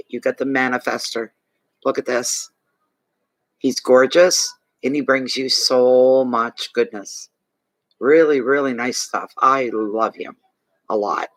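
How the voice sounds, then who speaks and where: A man's voice: medium pitch, a bit bright, no room sound, low-quality recording. Emphatic man giving a tarot reading. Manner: emphatic, repeats key phrases for reassurance. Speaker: tarot reader. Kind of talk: tarot card reading for a client.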